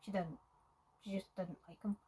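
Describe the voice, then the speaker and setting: Husky woman rambling through a review. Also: mid-range voice, steady tone, normal speed, dark tone, rough recording. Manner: rambling and hesitant, with many ums and restarts. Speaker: film reviewer. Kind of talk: casual spoken film review.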